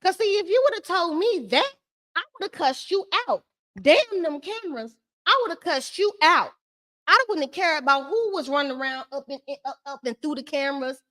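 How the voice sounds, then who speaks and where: A high-voiced woman holds court on a live stream, recapping a reality show in a loose, chatty way. She is sassy and shady, ranting at the people on screen. Her voice sits up high and stays lively. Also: moderate pace. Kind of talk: casual live-stream commentary.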